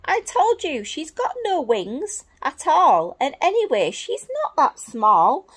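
A woman's voice: high voice, wildly swooping pitch, takes it slowly, pitched above the performer's own voice, full character voice. Woman doing a little lost monkey, insistent. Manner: insistent, exasperated repeated denials. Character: small young monkey searching for its mum.

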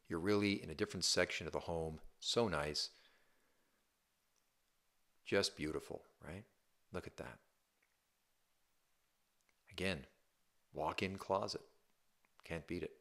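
A man's voice: low-pitched, fairly bright tone. A male real estate agent talking a viewer through a home tour, upbeat and chatty, often checking in with "right?". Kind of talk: casual home tour walkthrough.

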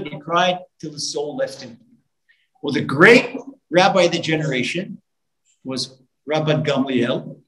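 Fervent male rabbi preaching in a roomy hall. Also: high voice. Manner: animated storytelling with sung lines and rising fervor. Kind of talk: storytelling sermon. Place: live talk in a room. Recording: roomy live hall recording.

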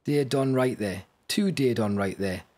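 A young man giving excitable gameplay commentary, often yelping and shouting in panic. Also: mid-range voice, unhurried. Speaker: gaming YouTuber.

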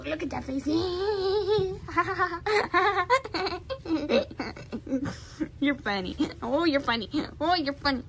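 High, lively woman cooing at puppies. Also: extremely slow, pauses often. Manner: gushing baby talk, squealing. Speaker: dog breeder vlogger. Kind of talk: casual chat with puppies. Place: puppy pen with dogs.

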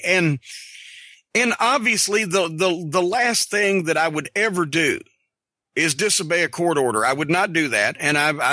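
A middle-aged man hosting a podcast, telling a story in an animated, profane, sarcastic way. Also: sits high, no room sound. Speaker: podcast host.

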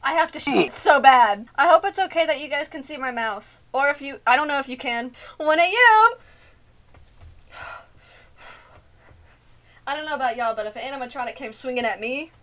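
Playing a horror game for her channel, a young female gaming YouTuber gives let's-play commentary in a high, slightly quick voice. Scared and jittery, she keeps repeating herself, laughs shakily, and mentions feeling lightheaded.

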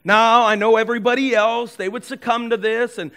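A man with a notably high voice preaches a sermon as the pastor. He retells the story with animated energy and slips into the characters' voices as he goes. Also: fairly quick, smooth.

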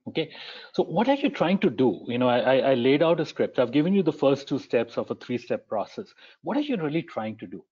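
A man's voice: medium pitch, big pitch swings, brisk, darkish tone, slightly rough, highs cut off. A man presenting a conversational webinar talk, posing rhetorical questions, answering them, and often checking in with "right?".

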